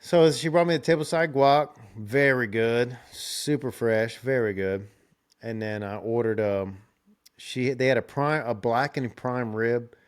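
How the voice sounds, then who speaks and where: A man's voice: medium pitch, a little slow, smooth. Young man, casual podcast host, loose rambling delivery with frequent laughs. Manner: rambling, laid-back, laughs often, restarts. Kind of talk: casual storytelling chat.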